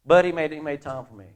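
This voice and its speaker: A middle-aged man preaching a sermon as pastor, conversational and animated, swinging from loud emphasis to quiet asides. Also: a little high.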